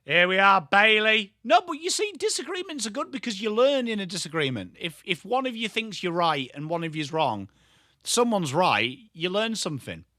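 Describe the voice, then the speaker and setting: English man, sports stream host, blunt chatty banter, animated, dry close sound. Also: sits high, normal speed, no echo. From England. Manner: chatty, blunt, replies to viewers by name between play calls. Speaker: livestream host. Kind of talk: live football watchalong chat.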